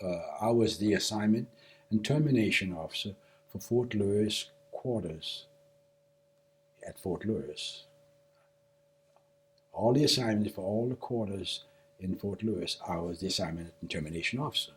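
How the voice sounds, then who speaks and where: An older man being interviewed for an oral history, recounting his past in a casual, animated way and acting out the dialogue. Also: on the low side, moderate pace, long pauses, slightly rough. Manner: animated storyteller who acts out quoted dialogue. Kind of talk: casual spoken recollection.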